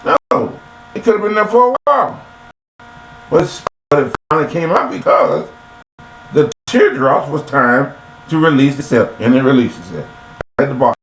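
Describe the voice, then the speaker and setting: Here an adult motivational speaker with a slightly high, very animated voice talks at a moderate pace, pausing often. He preaches casually into a webcam mic, repeating himself and firing off rhetorical questions. Faint mains hum and echo fill the room.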